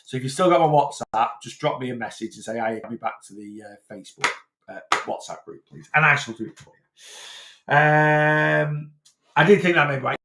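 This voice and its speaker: A man's voice: on the high side, moderate pace, vocal fry, bright, forceful tone, roomy sound. A man from Blackpool with a Lancashire accent, answering viewer questions live as a weight loss coach in a chatty, rambling way full of fillers and restarts. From Blackpool, England.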